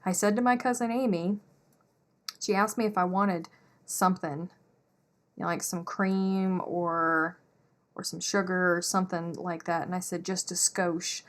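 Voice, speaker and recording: A woman's voice: lowish voice, steady tone, unhurried, pauses often. A woman, chatting casually on a crochet live stream and laughing often. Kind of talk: casual chat while crocheting.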